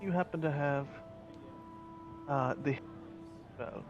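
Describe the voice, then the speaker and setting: A man playing a tabletop game, talking in a hesitant, halting way. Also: fairly high pitch, dull audio, music in the background. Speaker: player. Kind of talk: casual in-character play.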